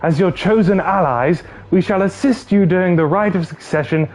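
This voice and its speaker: A man's voice: high-pitched, moderate pace, darkish tone. A man voicing a big, muscular cat woman, bold and earnest, as he voices game cutscenes on a stream. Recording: slightly muffled with game music.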